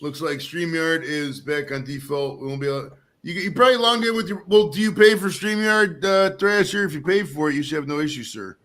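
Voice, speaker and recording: A man co-hosts a livestream with loose, profane banter. His voice sits a little high and rings bright and sharp. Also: brisk. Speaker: livestream co-host. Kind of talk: casual chat.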